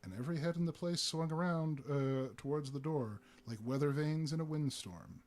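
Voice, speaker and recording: A man giving a live reading of a humorous story, narrating deliberately with occasional fillers. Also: on the high side, a little mellow. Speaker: reader.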